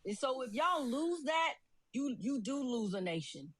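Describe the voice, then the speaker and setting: A woman guest speaks with passion and a preachy edge, urging her listeners on. Her voice is high, and the sound is dry and close with no room in it. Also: sing-song, measured pace, no room sound. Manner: preachy, impassioned, calls people brother. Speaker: guest commentator. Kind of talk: impassioned commentary.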